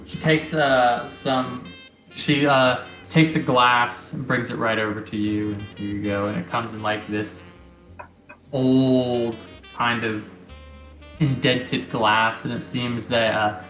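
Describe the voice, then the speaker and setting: A man narrating as game master of a tabletop game, descriptive and halting with many pauses. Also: medium pitch, flat delivery, a bit bright. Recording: roomy recording, faint music.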